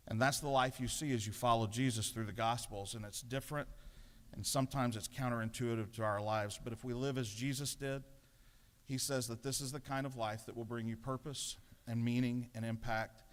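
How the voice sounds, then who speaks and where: A middle-aged man giving a sermon as a pastor, telling a story with self-deprecating humor. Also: mid-range voice. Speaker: pastor giving the morning devotion. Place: large legislative chamber. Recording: long reverb of a large chamber.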